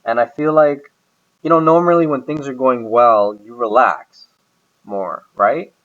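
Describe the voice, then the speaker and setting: A man's voice: medium pitch, unhurried, a bit bright, muffled recording. A man talking casually about his boss, rambling with many hesitations and restarts. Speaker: employee describing his boss. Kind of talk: casual recorded conversation.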